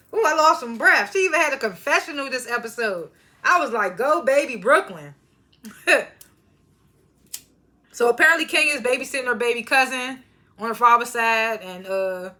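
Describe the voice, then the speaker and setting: Woman recapper with AAVE speech, casual and animated, bright tone. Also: a little high. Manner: laughs often, animated retellings of quotes. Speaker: reality TV recapper.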